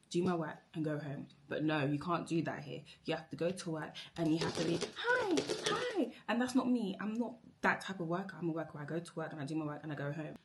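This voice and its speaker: Young adult woman, lowish voice, rambling exasperated work rant, repeats herself. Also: background noise. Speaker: vlogger. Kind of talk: emotional work rant to camera.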